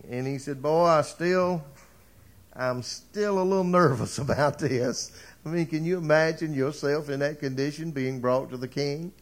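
A male preacher tells a story from the pulpit with dramatic flair, his voice sitting somewhat high for a man. He swings between hushed moments and rising, fervent appeals to his listeners. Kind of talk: sermon.

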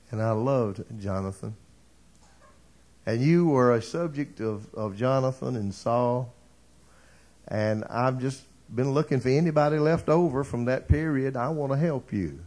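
A gentle, kindly king speaks softly and with comfort, as a male preacher puts him on in a sermon story. The voice sits lower and quieter than the preacher's own, hushed and reassuring. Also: close to an everyday voice.

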